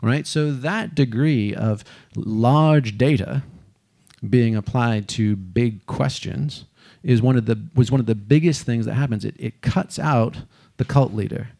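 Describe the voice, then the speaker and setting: A man giving a lively stage talk, animated and casual, cursing now and then and acting out the people he quotes. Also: mid-range voice, measured pace, gravelly. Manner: animated, swearing, acts out quotes. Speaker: speaker.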